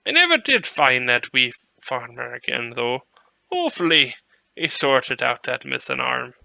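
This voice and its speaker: A man playing Poro, a cheeky mutant reindeer, rolls through a boastful tall tale in a mock Scottish-style brogue during tabletop play. His delivery is unhurried, gravelly and sharp, mid-range with big pitch swings, chatty, folksy and heavily acted, recorded without echo.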